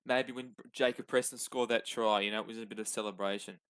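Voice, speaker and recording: A man's voice: fairly low pitch, steady tone, fast talker, fairly bright tone, clear, resonant tone, poor audio. A young Australian man co-hosting a casual sports podcast, laid-back and rambling. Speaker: podcast co-host.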